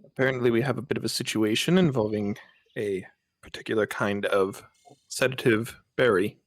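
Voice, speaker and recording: A man's voice: fairly low pitch, moderate pace. A man playing a tabletop game, talking in a dry, hesitant, joking way. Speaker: player. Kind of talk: casual tabletop play.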